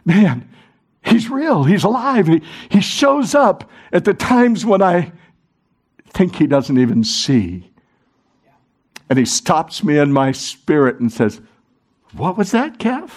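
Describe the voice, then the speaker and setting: A middle-aged man preaching a sermon, animated and urging the congregation to join in. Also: on the high side, slow pace, breathy edge. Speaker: pastor.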